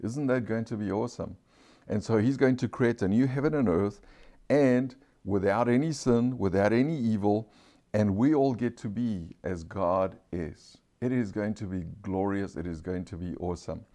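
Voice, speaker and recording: A pastor with an accent preaching a sermon, slowing right down to stress key phrases, calling out for amens and putting questions to the congregation. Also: male voice, fairly low pitch, warm tone. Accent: non-standard English accent.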